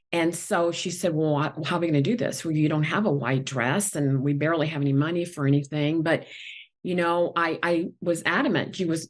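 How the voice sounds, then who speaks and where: Low-voiced woman telling a heartfelt story. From not from the country where she went to school. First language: not English. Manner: earnest, tearful at times, many fillers. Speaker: guest executive. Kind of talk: emotional personal storytelling.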